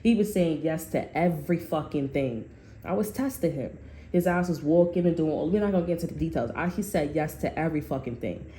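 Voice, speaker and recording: A young woman talks through a tarot reading in a blunt, profane, animated way, wandering off into stories from her own life. Her voice sits low and mellow. The room around her is echoey, with a faint hum in the background. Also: fairly quick. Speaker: tarot reader. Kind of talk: casual tarot reading monologue.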